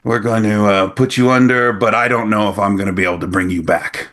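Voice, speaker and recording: A man voicing a gloomy doom-saying male anesthesiologist who mutters low and grim. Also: steady tone, a little fast, fairly bright tone, natural voice.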